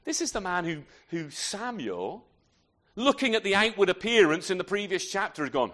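Brief: male preacher, fairly high voice, chatty expository sermon, leans on tag questions. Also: sing-song, normal speed, fairly bright tone. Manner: conversational, frequent tag questions; self-deprecating asides.

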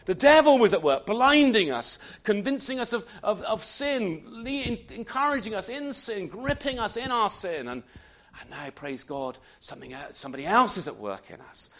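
A man preaching a sermon, his voice sitting high and swinging widely in pitch. He talks it through unscripted, stumbling into restarts and tossing out rhetorical questions to the congregation. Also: big pitch swings, normal speed, a bit bright.

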